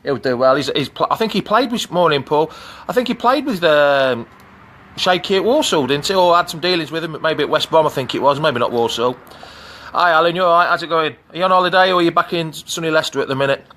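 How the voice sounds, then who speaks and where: Midlands bloke, middle-aged, chatty fan stream from a pool, bright forceful voice. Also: male voice, a little high, quick pace. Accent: English Midlands. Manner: chatty, greets viewers by name. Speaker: fan channel host. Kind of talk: live-streamed casual chat. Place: outdoors in a swimming pool. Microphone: phone camera.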